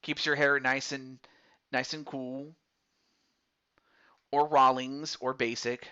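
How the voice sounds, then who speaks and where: A man's voice: mid-range voice, flat delivery, slow, sharp tone, clear, resonant tone, highs cut off. A man casually talking through a baseball game's character creation menus, reading out choices to a viewer as he picks them. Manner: chatty, talks through menu choices aloud. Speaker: streamer. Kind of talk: casual game commentary.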